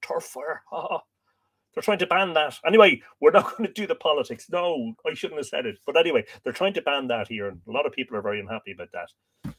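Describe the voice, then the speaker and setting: A man's voice: on the high side, animated, fast talker, fairly bright tone, husky. Chatty Irish man hosting a livestream. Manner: greets viewers by name and jokes between reading comments. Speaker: livestream host. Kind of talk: casual livestream chat.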